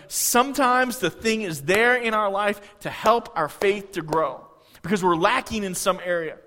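A man's voice: high-pitched, a little slow, bright, forceful tone. A man preaching a sermon in a conversational way, often putting questions to the congregation. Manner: conversational, asks the congregation questions, many restarts. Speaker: pastor. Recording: long reverb of a large hall.

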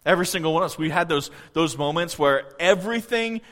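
A man preaching a sermon, animated, swinging between soft, quiet stretches and loud outbursts. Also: a little high, quick pace. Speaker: pastor. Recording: long church-hall reverb.

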